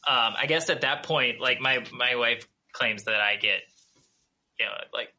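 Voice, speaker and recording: A man with a Minnesotan accent, a podcast guest, chatting casually and haltingly with many restarts and fillers over a video call from his pine-walled home studio. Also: mid-range voice, bright, forceful tone. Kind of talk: casual chat.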